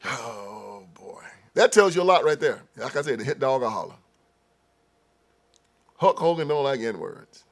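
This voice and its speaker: A man hosting his own show, delivering an opinion commentary monologue that swings between loud outbursts and low mutters, with frequent laughter. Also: sing-song, measured pace, long pauses. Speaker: show host.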